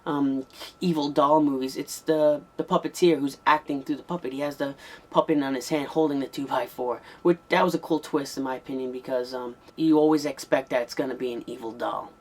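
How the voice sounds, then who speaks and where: A man's voice: medium pitch, fairly even intonation, fairly quick. Chatty man rambling through a movie review. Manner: chatty, rambling, with frequent ums and restarts. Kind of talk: casual spoken review.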